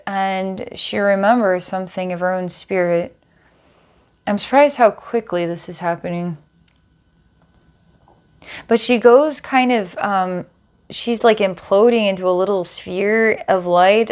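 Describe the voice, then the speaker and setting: Woman, psychic healer, guided healing narration, slow, smooth, calm and descriptive. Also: mid-range voice. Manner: calm, descriptive, storytelling visions.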